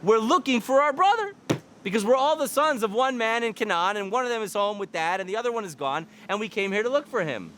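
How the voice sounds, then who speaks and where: A man's voice: high voice, expressive, fast talker, a bit bright, slight background noise. A man voicing a group of adult brothers who eagerly protest their innocence. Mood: pleading. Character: pleading group of grown brothers.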